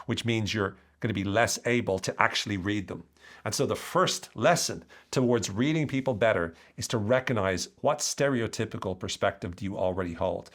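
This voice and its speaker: A man with an Irish accent talks through his ideas on a solo podcast. His voice sits low, and he explains in an animated, lively way. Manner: explanatory, animated, acts out quoted lines. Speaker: podcast host.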